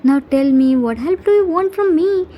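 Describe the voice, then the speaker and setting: A woman's voice: very high-pitched, expressive, normal speed, warm tone, a little hiss or hum. A woman voicing a sleepy, grumpy young man who grumbles at first, then dotes and coaxes like an older brother. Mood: sleepy gruff. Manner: gruff and drowsy, then coaxing.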